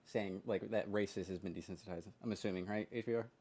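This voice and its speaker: A man's voice: lowish voice, fairly even intonation, fast talker, darkish tone. A man chatting as a stream guest, checking and clarifying details. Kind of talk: casual chat.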